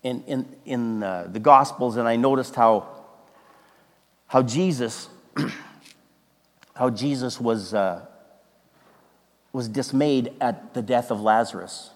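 Animated preacher in a reverberant hall. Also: male voice, medium pitch, slow pace, pauses often. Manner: animated, emphatic, with restarts and sudden loud exclamations. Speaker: pastor. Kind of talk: sermon. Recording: long reverb of a large hall.

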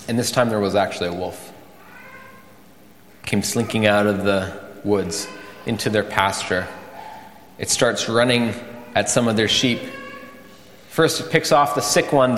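Male pastor, storytelling sermon, dramatic swings, long reverb. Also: medium pitch. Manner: animated storytelling, voice rising for drama, sinking for solemn points. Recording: echoey church hall.

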